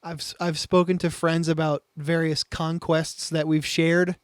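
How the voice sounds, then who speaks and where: A man's voice: on the high side, flat delivery, clean tone, no room sound, studio quality. Laughing, joking male podcast co-host. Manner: laughs easily, quick joking asides. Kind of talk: casual crude chat.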